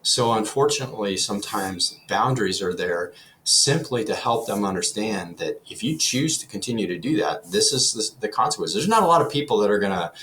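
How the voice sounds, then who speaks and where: A man's voice: lowish voice, fairly bright tone, a little hiss or hum, poor audio. A middle-aged man speaking earnestly as an interview guest, often restarting his phrases. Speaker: guest, nonprofit executive director. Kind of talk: conversational interview.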